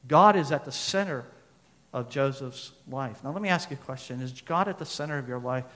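A man preaching a sermon, reading scripture aloud and asking his listeners questions, sometimes swelling louder and then dropping soft. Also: medium pitch, expressive, a little fast, in a large hall. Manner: asks the listeners questions, reads scripture aloud, loudness rises and falls.

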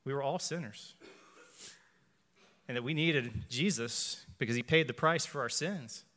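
A man in his forties gives an earnest personal faith testimony to a church, speaking in measured phrases and repeating lines for emphasis. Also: mid-range voice, bright, forceful tone, long reverb tail. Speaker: church member giving testimony.

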